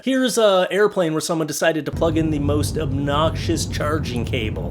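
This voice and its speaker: A young man from Canada hosting a casual reaction show, talking sarcastically and swinging between loud outbursts and mutters. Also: fairly high pitch, normal speed, hardly any pauses, noisy background. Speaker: host reacting to posts.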